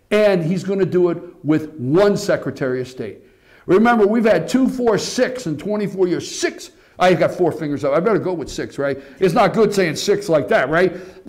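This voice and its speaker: A man hosting a political commentary show, talking to the audience in an animated, repetitive way and calling them folks. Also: high voice. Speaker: political talk show host. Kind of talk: opinionated commentary.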